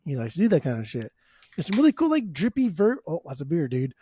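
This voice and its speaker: A man's voice: fairly high pitch, huge pitch swings, fast, warm tone, slight background noise. A man co-hosting a podcast in casual chat, joking and swearing freely. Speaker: podcast co-host.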